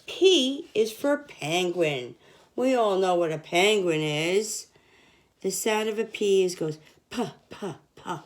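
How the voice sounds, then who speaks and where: A young woman teaching children, reading an alphabet picture book aloud and sounding out each letter. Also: mid-range voice. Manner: slow, sounding out letters, lively sing-song.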